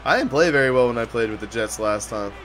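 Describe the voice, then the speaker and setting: A man's voice: medium pitch, fast. A man chatting casually on a game live stream, greeting viewers and talking as he plays. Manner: laid-back, chatty, shouting out viewers, sudden excited outbursts. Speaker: gaming streamer. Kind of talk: casual live-stream chat while playing.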